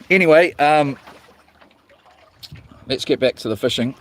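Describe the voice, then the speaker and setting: A man's voice: medium pitch, a little slow, long pauses, fairly bright tone, a little hiss or hum. A man chatting with viewers while fishing outdoors on the ocean, rambling and swearing in mock-grumpy jokes. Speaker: fishing vlogger. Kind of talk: live-stream chat with viewers.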